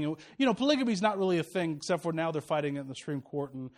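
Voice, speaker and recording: A man with a notably high voice preaches a sermon as a pastor. His delivery is animated, sinking low and soft for asides, then climbing high and loud when he warns his listeners. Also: racing.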